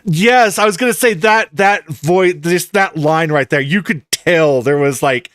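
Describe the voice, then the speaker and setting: A man streaming a video game, chatting with his viewers and reacting out loud, laughing often. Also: a little high, a little slow, no echo, studio quality. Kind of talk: live-stream game commentary.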